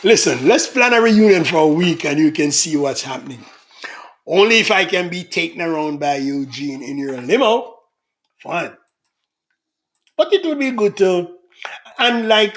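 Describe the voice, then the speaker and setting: A middle-aged man hosting a casual livestream, reading out viewer comments in a chatty, teasing manner. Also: sits high. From Jamaica. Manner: chatty, teasing, laughs often.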